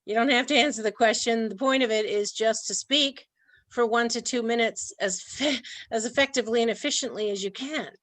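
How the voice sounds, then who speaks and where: A woman's voice: on the high side, fairly quick, fairly bright tone, no echo. A woman presenting an online training talk in a chatty way, laughing often. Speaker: workshop presenter.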